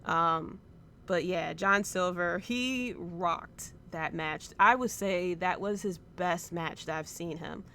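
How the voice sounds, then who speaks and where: Slowly and with a lowish voice that's pushed and bright, a woman in her thirties recaps a show on her casual wrestling podcast, rambling emotionally with lots of fillers. A little hiss or hum can be heard.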